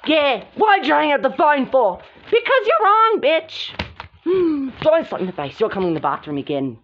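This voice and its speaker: A woman's voice: high voice, big pitch swings, a little hiss or hum. A woman voicing squabbling girls in a lo-fi home drama. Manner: squabbling, quick jumps between characters, gasping and shouting. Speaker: hobby drama performer voicing several characters. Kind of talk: home-made doll drama role-play. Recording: dull lo-fi home recording.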